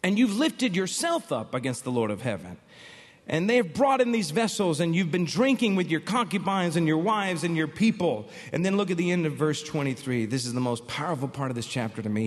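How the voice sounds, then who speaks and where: A man preaching a sermon with emphatic, animated delivery and storytelling asides. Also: on the high side, a little fast, in a large hall. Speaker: pastor.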